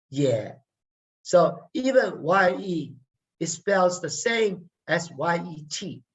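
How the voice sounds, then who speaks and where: A man teaching a language workshop online, deliberately drilling each sound and repeating words for learners. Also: sits high. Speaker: language lecturer. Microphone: video call. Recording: muffled video call audio.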